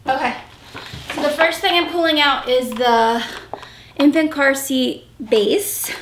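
A woman's voice: sits high, slow, over music. A young woman, pregnant and a little out of breath, chatting casually through an unboxing video at home, with an upbeat manner and plenty of fillers. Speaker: vlogger. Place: home room, indoors. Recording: roomy echo, faint noise.

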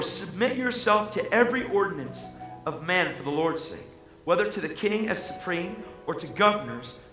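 A male preacher delivers an emphatic sermon, swinging into fervent storytelling. His voice sits on the high side. It echoes through a hall with music playing behind. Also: a bit bright.

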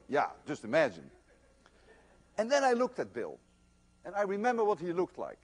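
Older male lecturer, emphatic storyteller, voice a bit high, highly varied intonation. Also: wildly swooping pitch, normal speed, pauses often, slightly rough. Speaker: physics lecturer. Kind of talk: university lecture. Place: lecture hall.

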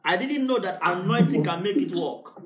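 A man with a Nigerian accent preaching a sermon as pastor, telling a story and building to shouted decrees. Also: high-pitched, expressive, normal speed, crowd noise. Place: church hall. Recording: echoey, dull church recording.

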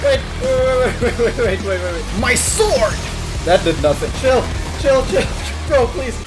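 A man narrates his gameplay in a high, bouncy voice that leaps all over its range. He swears freely and shouts at enemies, and loud music plays beneath him. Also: big pitch swings, unhurried. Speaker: gaming video host. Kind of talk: gameplay commentary.

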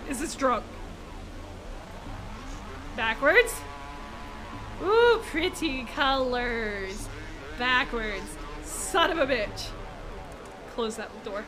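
Woman, high voice, unhurried delivery, excitable live gameplay commentary, frequent laughs and swearing. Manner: talks to herself and the chat. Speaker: streamer.

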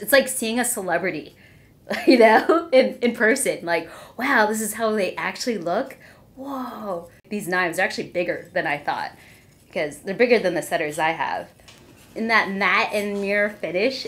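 A young woman in a casual unboxing vlog, excitable and gushing, squealing and gasping as she opens gifts. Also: mid-range voice.

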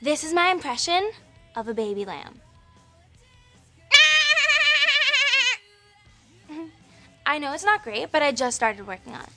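A tiny, timid lamb bleats in a very high voice that swoops wildly up and down. Loud music plays behind it in a home video. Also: female voice, very animated, fairly quick. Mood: bleating.

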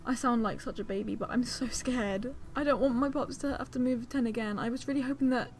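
Gaming host, woman, slightly high voice, fretful self-talk over faint game music. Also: a little fast, hardly any pauses. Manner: anxious, fretful, talks to herself while playing. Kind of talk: let's-play commentary.

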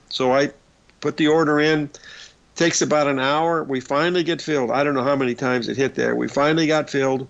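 Gravelly older man telling trading stories. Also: fairly high pitch, fairly even intonation, a little fast. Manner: rambling anecdotes with many fillers. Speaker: radio show host. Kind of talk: casual storytelling on a market show. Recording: dull lo-fi broadcast audio.

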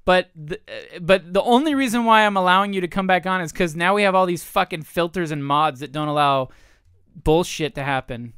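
Bright, crisp-voiced profane male podcaster. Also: sits high, brisk, no room sound, clean studio sound. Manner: profane, rambling, animated storyteller. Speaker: podcast co-host and server admin. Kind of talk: casual comedic storytelling.

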